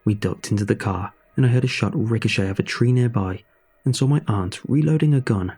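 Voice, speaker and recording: A man reading a first-person horror story in a measured, dramatic storytelling manner. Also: fairly low pitch, a little mellow, slightly rough.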